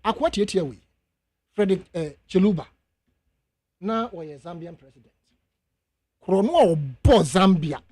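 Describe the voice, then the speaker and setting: Brief: Ghanaian male radio guest, high and emphatic, dry close studio sound. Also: normal speed, long pauses, slightly rough, no echo. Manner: emphatic, mixes English and Twi, rises to high animated outbursts. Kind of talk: heated radio debate.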